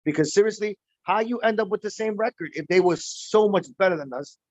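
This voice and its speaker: A man's voice: high voice, a little fast, no room sound. A man chatting casually and loosely on a livestream about his team's playoff game, a bit tipsy from drinking and rambling between laughs. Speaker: baseball fan on a livestream. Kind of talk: casual livestream reaction chat. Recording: dull dry lo-fi sound.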